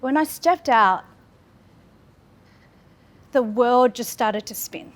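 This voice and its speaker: Slow and animated, her voice leans high. An Australian public speaker in her thirties shares her personal story candidly and earnestly, repeating key phrases as she goes.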